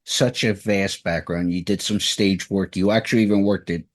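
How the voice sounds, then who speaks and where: Low-voiced male host, rambling questions. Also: fairly even intonation, moderate pace. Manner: long rambling questions with restarts. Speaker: radio show host. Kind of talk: interview.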